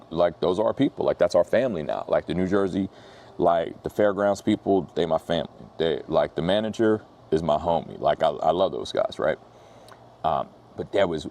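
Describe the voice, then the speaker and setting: Casting: male pastor, deep mellow voice, casual slangy sermon storytelling. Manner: laid-back slang-heavy preaching, lively when retelling.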